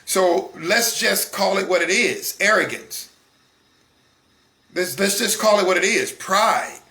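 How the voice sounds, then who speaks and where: A man's voice: high-pitched, takes it slowly, bright, forceful tone. A man in his forties hosting a solo talk broadcast, speaking in a conversational, emphatic way with frequent fillers and restarts. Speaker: broadcast host. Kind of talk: solo talk show monologue.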